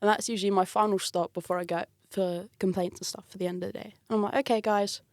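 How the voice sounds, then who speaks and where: A woman's voice: medium pitch, fast talker, dry recording. A woman in casual conversation, telling a work story with lots of laughter and acted-out quotes. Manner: animated, laughs often, acts out quoted voices.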